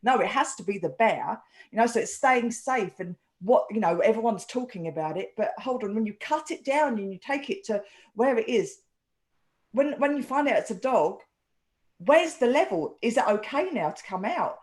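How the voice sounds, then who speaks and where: A woman's voice: a little high, normal speed. A woman co-hosting a casual chat, telling a rambling story and acting out the quoted lines. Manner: rambling, animated retelling with acted quotes. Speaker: co-host.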